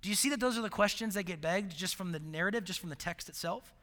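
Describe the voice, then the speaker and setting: A man preaching a sermon in a conversational, animated way, swinging between loud emphasis and hushed asides. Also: sits high, fast, in a large hall.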